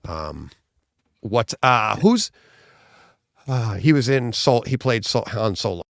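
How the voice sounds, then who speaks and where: Male co-host, gravelly voice, rambling and enthusiastic, dry close sound. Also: lowish voice, expressive, takes it slowly, dry recording. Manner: rambling, enthusiastic retelling with many restarts. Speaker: podcast co-host. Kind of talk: casual livestream chat.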